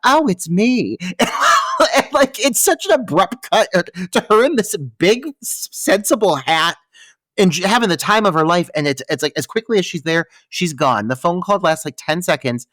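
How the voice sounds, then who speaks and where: A man's voice: high voice, lively intonation, moderate pace, a bit bright, no echo. A man co-hosting a podcast in a casual movie-review chat, sarcastic and profane, with exaggerated retellings. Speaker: podcast co-host.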